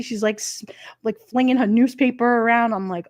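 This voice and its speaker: A woman's voice: fairly high pitch, fairly even intonation, moderate pace, long pauses, a little mellow, no room sound. A woman hosting a livestream, rambling through casual anecdotes for her chat and laughing often. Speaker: livestream host. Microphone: streaming microphone.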